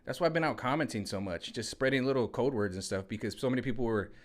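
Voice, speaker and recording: A man's voice: mid-range voice, animated, fast. A man venting in a casual, rambling monologue full of slang and repeated catchphrases, recorded at home on a hot day. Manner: rambling, slangy, repeats "you know what I'm saying". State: sweating in the heat. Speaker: vlogger. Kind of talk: casual political rant.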